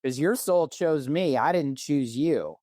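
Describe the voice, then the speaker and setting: A man's voice: on the high side, lively intonation, unhurried, dark tone. A man hosting a conversational podcast interview, speaking in a heartfelt and enthusiastic way. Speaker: podcast host.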